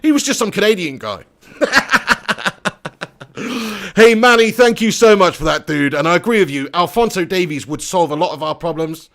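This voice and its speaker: A young man hosting a live football watch-along, chatty and excitable, reading chat messages and swearing casually. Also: sits high, normal speed.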